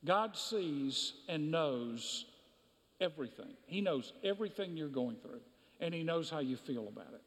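A man with a notably high voice preaches a sermon, hammering points home through repetition. His words ring out with a long reverb in a church sanctuary. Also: animated, unhurried, a bit bright. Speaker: pastor.

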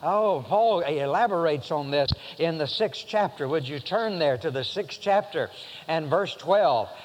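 A man's voice: fairly high pitch, expressive, unhurried, in a large hall, slight background noise, low-quality recording. A man preaching a sermon, rambling with many fillers and restarts, then building to emphatic passages.

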